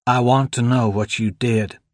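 A bitter, furious man demanding the truth, clipped and seething, slow and deliberate, as a male narrator plays him. The voice sits close and dry, like a storybook read in a quiet booth. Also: mid-range voice, steady tone, no room sound, lightly acted.

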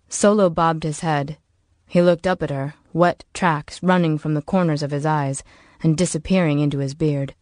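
A woman narrating a novel in a measured, even storytelling voice. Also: deep voice, no echo, clean studio sound. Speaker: audiobook narrator. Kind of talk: scripted narration.

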